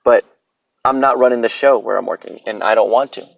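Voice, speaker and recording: A man's voice: mid-range voice, a little fast, creaky, no room sound, lo-fi sound. A man in his thirties hosting a solo podcast, ranting bluntly and profanely about his opinions. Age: 30s. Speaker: podcast host.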